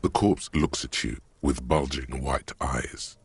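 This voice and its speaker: A man's voice: very deep voice, steady tone, takes it slowly, gravelly, slight background noise, heavily acted. A man voicing a grim, sardonic game narrator who describes the scene in dry, ominous tones.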